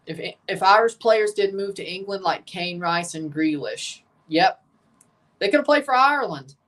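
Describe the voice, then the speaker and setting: A man hosting a livestream watchalong, giving excitable play-by-play of a soccer match between chatty replies to his viewers. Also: high-pitched, moderate pace, far from the mic. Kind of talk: casual watchalong commentary.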